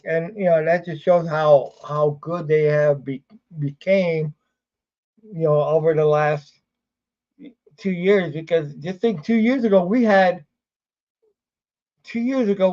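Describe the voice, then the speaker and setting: A man's voice: on the high side, a little mellow, muffled recording. A man hosting a casual sports livestream, rambling with fillers and restarts, sleepy and yawning. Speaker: sports show host.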